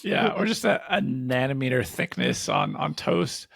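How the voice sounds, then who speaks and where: A man with a gravelly, husky voice chats as a podcast co-host, full of jokes and laughter. His pitch sits a bit high and swings a lot as he talks. The close mic sounds dry, with no room around him. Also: big pitch swings, moderate pace, fairly bright tone, dry recording. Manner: playful, joking, laughs often. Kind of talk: casual chat.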